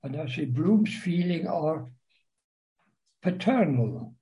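A man lecturing on a novel, reading passages aloud and commenting on them in a slow, halting way with frequent pauses and fillers. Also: fairly high pitch, lively intonation, dark tone, muffled recording, a little hiss or hum. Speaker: literature lecturer.

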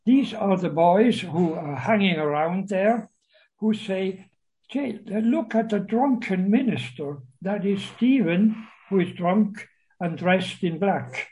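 A man giving a literature lecture, reading quoted lines aloud and explaining them, hesitant with many pauses and fillers. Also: sits high, warm tone, low-quality recording. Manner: slow, hesitant, many uhs, reads quoted lines with raised voice.

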